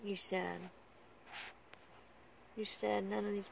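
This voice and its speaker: A woman with a slightly high, gravelly voice talks softly and teasingly, coaxing someone who is sulking. She is outdoors at a beach, and a faint hum of open-air ambience sits behind her. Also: normal speed, rough recording. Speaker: vlogger. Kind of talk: casual talk to a pouting child.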